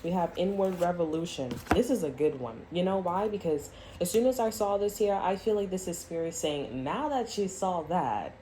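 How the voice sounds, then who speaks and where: A woman's voice: fairly low pitch, brisk, few pauses, dark tone, a little hiss or hum, rough recording. A woman giving a casual tarot reading to camera, blunt and profane, often laughing and acting out quoted voices. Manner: acts out voices in quoted asides. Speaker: tarot reader.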